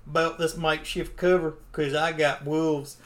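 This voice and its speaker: A man's voice: on the high side, little pitch movement, a little slow, natural voice. A man voicing a chatty, nerdy frontier man with glasses who rambles on and on. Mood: rambling. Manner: rambling, talks on and on.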